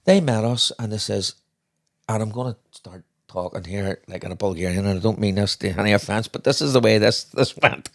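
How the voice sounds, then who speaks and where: A man's voice: lowish voice, a little fast, vocal fry. An older man, co-hosting a podcast and telling rambling anecdotes with frequent laughter and restarts. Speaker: podcast co-host. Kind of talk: casual storytelling chat.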